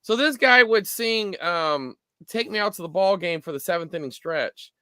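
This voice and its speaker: A man in his forties co-hosting a live stream show, telling stories in a rambling, animated way with lots of fillers. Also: high-pitched, normal speed, smooth, dry recording, studio quality. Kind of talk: casual chat.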